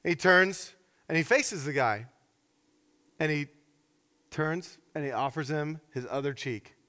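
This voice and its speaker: Male pastor, high voice, animated storyteller, sermon in a reverberant hall. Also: unhurried. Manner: animated storytelling, acts out characters.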